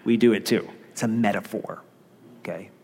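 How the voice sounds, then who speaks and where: A man's voice: on the low side, fairly even intonation, moderate pace, darkish tone, breathy edge, long reverb tail. A man preaching a sermon as pastor, earnest and conversational, with emphasis that rises and falls.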